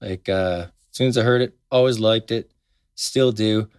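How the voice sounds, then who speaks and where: A man's voice: on the low side, moderate pace, darkish tone, clean tone, dry recording, studio quality. A man co-hosting a podcast, rambling and hesitant with lots of fillers. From Canada. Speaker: podcast co-host. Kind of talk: casual chat.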